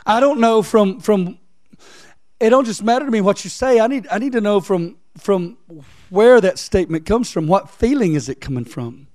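A man preaching a sermon in a chatty way, swinging from loud scripture reading to soft, low asides. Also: animated, moderate pace, no room sound, clean studio sound. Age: adult, father of three. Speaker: pastor.

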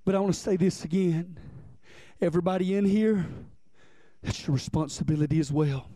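Speaking at an ordinary pace, a pastor with a mellow, high voice preaches in a conversational way. He checks in with the congregation and repeats his key lines. The audio is close and dry, with no room sound.

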